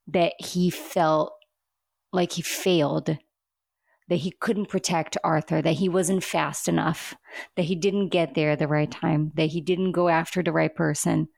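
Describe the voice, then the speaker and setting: Excitable woman gushing about a TV show. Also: on the low side, slow, gravelly, no room sound, clean studio sound. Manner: excitable and emphatic, repeats herself, laughs. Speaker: podcast co-host. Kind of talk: casual TV recap chat.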